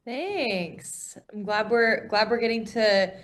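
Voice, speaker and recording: A woman in her twenties co-hosting a casual podcast, relaxed and peppering her speech with "like". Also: mid-range voice, slow. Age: 20s. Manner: relaxed, speaks with frequent "like". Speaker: podcast co-host.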